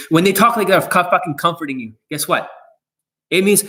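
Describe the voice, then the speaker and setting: A man's voice: high voice, a little fast, a bit bright. Blunt, foul-mouthed dating coach man. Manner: blunt, boastful, heavy swearing. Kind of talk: profane monologue to camera.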